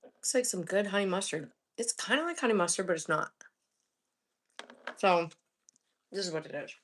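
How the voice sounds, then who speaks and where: A woman's voice: medium pitch, moderate pace. A woman in her forties hosting a live cooking stream, chatting casually and humming between bites. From Florida. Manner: relaxed, chatty, hums with food between remarks. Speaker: livestream host cooking and eating. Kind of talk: casual live chat while eating.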